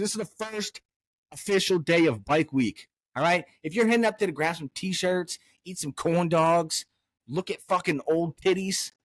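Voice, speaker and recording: Male podcast host, fairly high and very lively voice, foul-mouthed ranter, dry close sound. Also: dry recording. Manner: profane, loud, swings from angry ranting to hyped cheer. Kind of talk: casual podcast chat.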